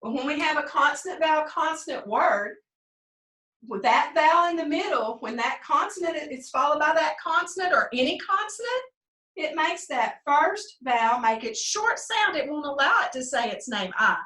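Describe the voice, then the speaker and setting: A woman teaching first grade phonics, prompting young pupils and slowly sounding out words in a sing-song way. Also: high-pitched, animated, bright, forceful tone. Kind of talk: remote phonics lesson for young children. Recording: echoey room, mic at a distance.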